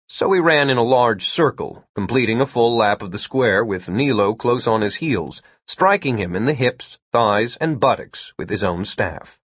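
A man narrating an audiobook in a lively, expressive storytelling manner. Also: medium pitch, no echo, studio quality. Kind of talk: scripted narration.

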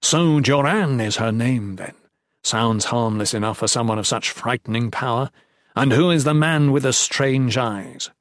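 A man's voice: medium pitch, measured pace, dry recording, studio quality, natural voice. A man voicing a hot-headed male priest who argues in a strained, raised voice. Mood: accusing.

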